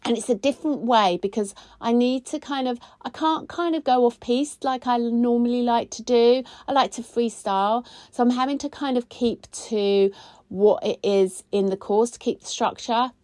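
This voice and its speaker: A woman, hosting a casual weekly chat. She talks in a chatty, expressive way, and her pitch jumps high when she gets excited. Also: moderate pace, no room sound. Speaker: podcast host, spiritual coach.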